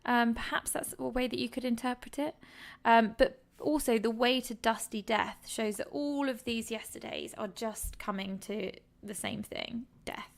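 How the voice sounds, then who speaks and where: A woman's voice: on the high side, moderate pace, creaky. A young woman from England, an English literature tutor, explaining exam answers in a chatty, enthusiastic way with frequent ums. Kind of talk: exam revision lesson.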